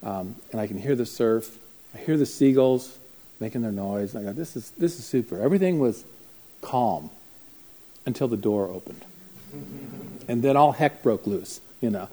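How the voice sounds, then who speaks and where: A man speaking to a live class, telling a story with lively acted-out voices. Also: mid-range voice, normal speed, pauses often. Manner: animated, acts out voices in his stories. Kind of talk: storytelling talk to a live group.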